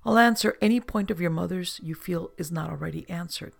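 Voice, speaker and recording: A reader voicing a calm, stubborn young man who speaks in a measured, formal way. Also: mid-range voice, gravelly.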